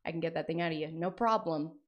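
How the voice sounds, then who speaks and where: A woman putting on the voice of a brash male monk who pitches exorcisms like a salesman. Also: fast, muffled recording, close to an everyday voice. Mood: hustling. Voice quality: salesy, boastful.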